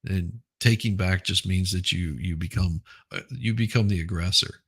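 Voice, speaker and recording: Male commentary host, low-pitched and raspy, blunt, stammering restarts. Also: normal speed, a bit bright. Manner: blunt, repeats words, laughs often. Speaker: host of a news commentary channel. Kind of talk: casual opinionated commentary.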